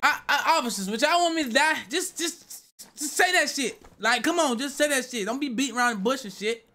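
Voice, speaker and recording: A young man talks through a video reaction in a high, bright voice. He rambles, swears freely and keeps defending himself in loose casual chat. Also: a little fast.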